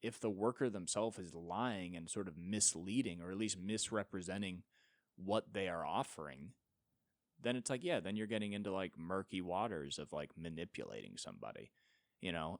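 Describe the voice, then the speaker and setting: A man's voice: low-pitched, big pitch swings, fairly quick, creaky, no room sound, clean studio sound. A young man hosting a solo podcast, ranting with sarcasm and profanity and mocking others in put-on voices. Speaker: podcast host.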